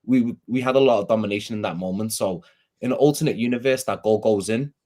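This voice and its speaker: Rambling Scouse man with a low voice. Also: fast, darkish tone. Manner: rambling, rueful, self-deprecating. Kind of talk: casual football fan chat.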